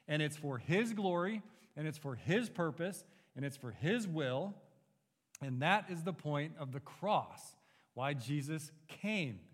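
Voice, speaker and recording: A man's voice: on the high side, a bit bright, long reverb tail. A man preaching an expository sermon as a pastor, earnest and emphatic, pushing his rhetorical questions upward.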